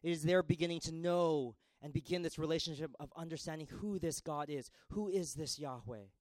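A man preaching a sermon dramatically, with a repetitive cadence that swings between raised pleas and hushed lines. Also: on the high side, a little fast, no room sound, poor audio.

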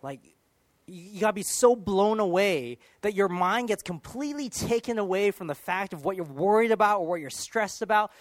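A man preaching a sermon in an earnest, animated way, sometimes dropping to a hushed near-whisper. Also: sits high, brisk, hardly any pauses, no room sound.

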